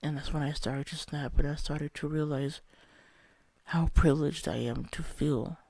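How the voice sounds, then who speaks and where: Gravelly man telling a spiritual story. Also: on the high side, steady tone, normal speed, darkish tone, no echo. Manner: rambling and candid, with profanity. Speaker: vlogger.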